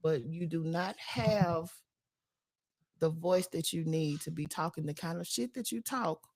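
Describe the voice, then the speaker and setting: A woman co-hosting a casual group talk show, rambling in an animated, candid way. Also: deep voice, a little slow, no echo.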